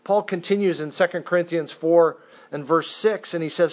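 A man preaching a sermon, reading scripture slowly and deliberately and acting out questions in a raised voice. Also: on the high side. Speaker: pastor.

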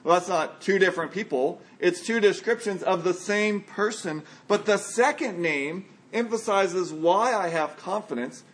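Guy preaching, kinda high voice for a man, slows way down and goes low on the big words. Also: fairly bright tone. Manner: earnest preaching, slows and drops low for emphasis. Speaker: pastor. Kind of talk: sermon.

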